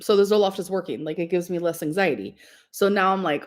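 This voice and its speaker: A woman's voice: fairly low pitch, brisk, a little mellow. Chatty, giggly young woman streamer. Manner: chatty, rambling, giggly, lots of "like" and "um". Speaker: livestreamer. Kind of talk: casual livestream chat.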